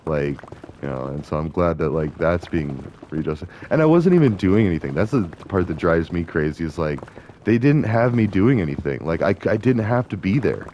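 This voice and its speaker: Young male gaming vlogger, low voice, indignant rambling rant between game moves. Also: expressive, moderate pace, warm tone, lo-fi sound, slight background noise. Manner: ranting, indignant, digressive. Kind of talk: casual rambling commentary while gaming.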